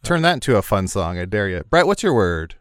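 Jokey man telling animated stories. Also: fairly low pitch, brisk. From Illinois. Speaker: podcast co-host. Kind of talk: casual chat.

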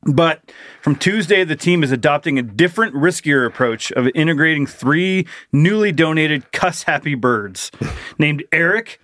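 Lively man reading odd news, dry sound. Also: fairly high pitch, a little slow, no echo. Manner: crude, laughs while reading. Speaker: podcast co-host. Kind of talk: casual comedic chat, reading news stories aloud.

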